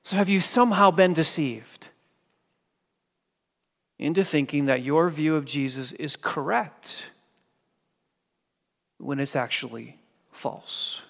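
Emphatic preacher in a reverberant hall. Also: male voice, takes it slowly, creaky, pauses often. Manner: emphatic preaching, dropping low and soft for quoted scripture. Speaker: pastor. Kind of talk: sermon.

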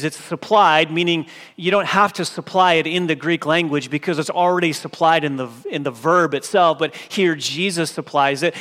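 A man preaches in a church sanctuary, his somewhat high voice carrying a long hall reverb. He drives his points home with emphasis and lowers his voice for scripture quotations. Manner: emphatic preaching, dropping low and soft for quoted scripture. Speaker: pastor. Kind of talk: sermon.

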